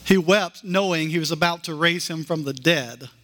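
A man preaching a sermon as pastor, with slow, emphatic repeated declarations that climb in pitch. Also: pushed and bright.

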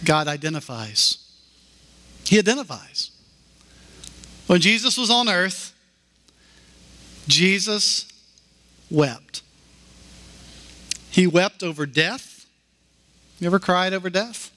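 A man preaching a sermon as pastor, with slow, emphatic repeated declarations that climb in pitch. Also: animated, sharp tone.

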